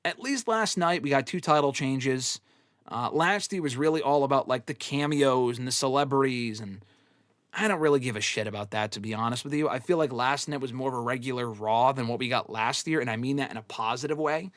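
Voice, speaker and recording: A man's voice: medium pitch, a little fast, a bit bright, dry recording. Blunt, swearing man on a dry mic. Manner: blunt and opinionated, swears often. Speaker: wrestling podcast host answering fan questions. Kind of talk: casual live Q&A commentary.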